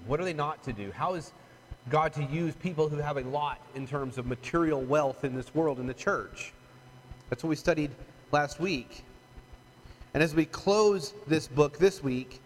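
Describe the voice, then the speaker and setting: A man preaching a conversational, emphatic sermon as pastor, often asking his listeners "right?". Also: on the high side. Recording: long hall reverb, faint room noise.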